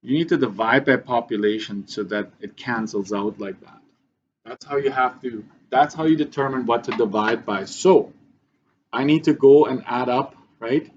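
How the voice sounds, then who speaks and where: Male teacher, mid pitch, walks students through steps, slightly dull lo-fi recording with faint background noise. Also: normal speed. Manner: talks through steps, frequent "right?" checks. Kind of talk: math lesson walkthrough.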